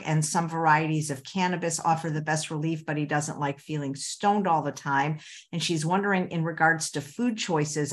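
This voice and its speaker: Woman, podcast host, low voice, matter-of-fact reading of listener questions.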